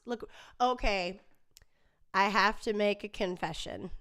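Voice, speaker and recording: Unhurried, smooth-voiced woman chatting on a live stream. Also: on the high side. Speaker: livestream host reading viewer comments; singer. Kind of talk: casual live-stream chat.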